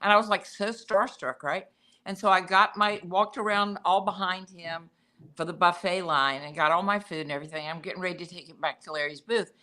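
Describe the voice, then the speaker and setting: A woman chats as a guest on a talk radio show and tells a lively story. Her voice is slightly low but bright and forceful. She acts out the lines of the people in her story. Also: a little fast. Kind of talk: casual chat, anecdotes.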